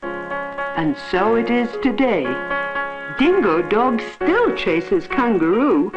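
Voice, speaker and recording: A woman narrates an animated storybook at an unhurried pace, with a lively, sing-song rise and fall to her voice. Her lines fall into a rhythmic, repeating pattern. The sound is a dull, somewhat muffled old film track with music playing throughout. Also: fairly high pitch.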